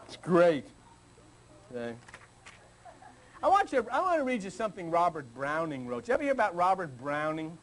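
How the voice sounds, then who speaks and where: An older man, a spiritual teacher, gives a loose, teasing sermon to a small group, acting out people's prayers in a folksy style. His voice is high, and the poor audio carries a little hiss or hum.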